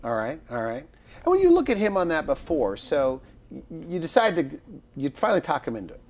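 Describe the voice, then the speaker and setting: A male interviewer from the United States asking brisk, lively questions with short acknowledgments. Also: fairly high pitch. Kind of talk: casual interview.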